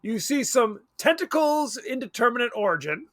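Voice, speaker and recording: A man's voice: very high-pitched, big pitch swings, normal speed, a bit bright, no room sound. A man co-hosting a podcast, talking about a movie in a rambling, wry way and often correcting himself. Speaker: podcast co-host. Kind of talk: casual movie chat.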